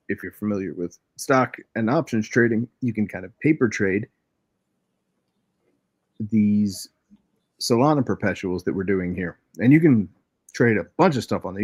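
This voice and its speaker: A man's voice: fairly low pitch, darkish tone, dry recording, clean studio sound. A man co-hosting a live trading stream, casually explaining things with plenty of fillers. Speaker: co-host.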